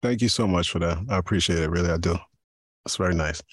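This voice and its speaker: A man's voice: deep voice, fast talker, no room sound, studio quality. A man and podcaster talking in a casual discussion, often repeating words as he thinks. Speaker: podcaster and guest.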